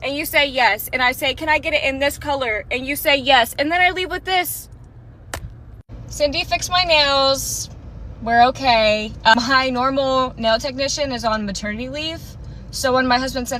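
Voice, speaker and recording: A woman's voice: high-pitched, normal speed, bright, forceful tone, slight background noise, rough recording. A young woman telling a dramatic, sarcastic storytime rant.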